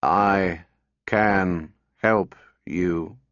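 A man voicing a talking exhibit robot that speaks slowly and flatly, without intonation. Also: low voice, clean tone, dry recording, voice pushed down, heavily acted. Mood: mechanical. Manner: slow, halting, toneless. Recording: dull dry recording.

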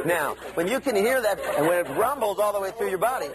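Animated male seminar lecturer. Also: high-pitched, fast, few pauses, over a noisy crowd, poor audio. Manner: animated, acts out inner voices.

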